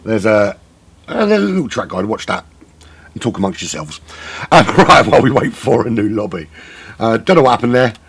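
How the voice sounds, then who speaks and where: Guy doing sim racing commentary, low gravelly voice, bit husky, rambles and jokes about himself. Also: sing-song, a little fast. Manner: rambling, self-mocking waffle. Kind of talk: live race broadcast commentary, filling time.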